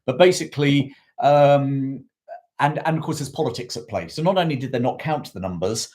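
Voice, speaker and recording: A man's voice: medium pitch, normal speed, a little mellow. Rambling man hosting a history livestream. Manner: rambling, self-correcting, reads and thanks live chat. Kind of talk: casual live-stream history chat.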